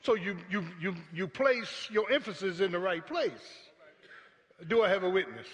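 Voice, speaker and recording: Pastor man preaching, high voice swinging all over, big echoey church hall. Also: lively intonation, normal speed. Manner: preaching that builds to shouts, calling out to the congregation. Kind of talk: sermon. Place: church sanctuary.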